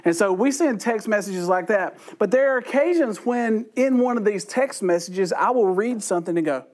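A middle-aged man teaches a Bible study in a light, joking way. His voice sits high for a man, and his talk runs loose and conversational with dry, self-mocking asides. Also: normal speed, hardly any pauses.

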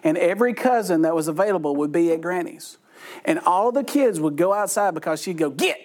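A man's voice: high-pitched, expressive, brisk, a little mellow. A middle-aged man leading a Bible study, joking and chatting with the group. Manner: joking, conversational, self-deprecating asides. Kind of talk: humorous Bible study talk.

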